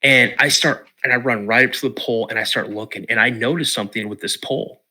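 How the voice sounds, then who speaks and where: A man from the Pacific Northwest of the US, a podcast guest telling a personal story in an emotional, halting way. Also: medium pitch, fairly even intonation, bright, forceful tone. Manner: emotional, halting retelling with restarts.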